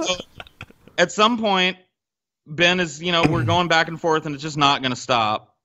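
A man telling a story on a podcast, animated and profane, acting out what people said. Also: a little high, unhurried. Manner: animated, profane, acts out quotes. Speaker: podcast guest. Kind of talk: casual storytelling.

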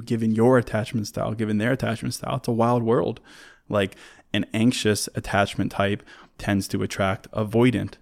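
A man with a low, gravelly voice hosts a solo talk on relationships. He speaks in a conversational, earnest way and walks through his points one by one, often restarting a word as he goes. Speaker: relationship advice host.

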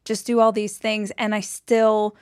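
A woman's voice: medium pitch, level tone, unhurried, a little mellow, smooth, no room sound. Chatty woman podcast host, dry sound. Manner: chatty, reflective, many "like" fillers. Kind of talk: casual podcast interview.

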